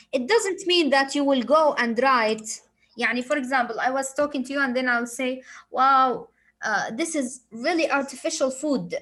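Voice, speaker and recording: A woman's voice: high voice, a bit bright, poor audio. Patient woman teaching English sounds. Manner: patient, repetitive explaining with examples. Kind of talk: phonics lesson.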